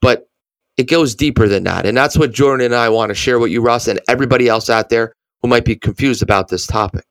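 A man's voice: medium pitch, quick pace, no echo. A man co-hosting a ministry podcast, talking earnestly through Bible passages with frequent restarts. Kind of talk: conversational Bible teaching.

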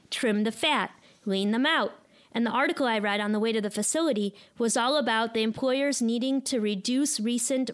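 Woman, 30s, Chicago accent, live storyteller, self-deprecating and candid, slightly high voice.

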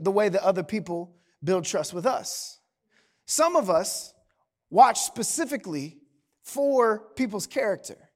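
A man's voice: high voice, a bit bright. A man preaching a sermon in a conversational, humorous way, often checking in with "right?". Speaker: pastor.

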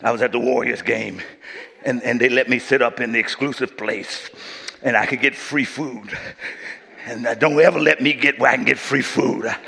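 A man preaching a sermon as pastor, working up to shouts and calling on the congregation to answer. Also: mid-range voice, fairly even intonation, moderate pace, gravelly, breathy edge, in a large hall. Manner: preaching with rising shouts and call-and-response. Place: church sanctuary.

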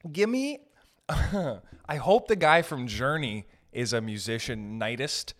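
A man's voice: medium pitch, animated, slow pace, fairly bright tone. A young man hosting a comedy podcast, riffing through a profane, rambling monologue and laughing at his own jokes.

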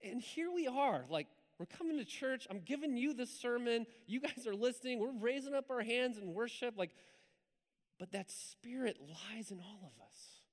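A man preaching a sermon in church, telling a story in a lively, conversational way with asides to the congregation. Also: very high voice, moderate pace. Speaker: pastor. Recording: hall reverb.

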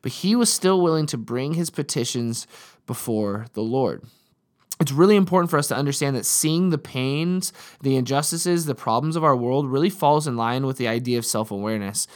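A man's voice: mid-range voice, normal speed. A man in his thirties, a pastor and father, preaching a sermon in a conversational, storytelling way and repeating key lines for emphasis.

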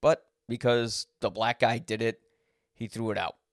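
Recorded with clean studio sound and no room noise, a man speaks at normal speed in a mid-range voice that barely moves in pitch. As a podcast host delivering an unscripted personal monologue, he's blunt, curses when angered, and revises himself mid-thought.

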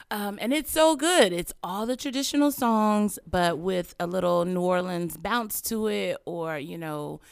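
A woman's voice: medium pitch, gravelly, clean tone, no room sound, studio quality. Playful chatty woman radio host. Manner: playful, laughs often, chatty. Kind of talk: casual radio chat.

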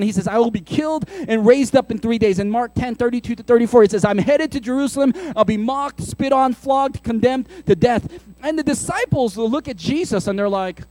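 A man in his thirties preaches to his congregation, animated and chatty, tossing in playful asides. His voice sits high for a man. The sound is dry and close, with no room around it. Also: no echo. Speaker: pastor. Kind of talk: sermon.

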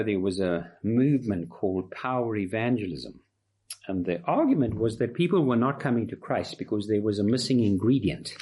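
A man's voice: lowish voice, darkish tone, slightly rough. A man preaching an expository sermon, emphatic and fond of rhetorical repetition.

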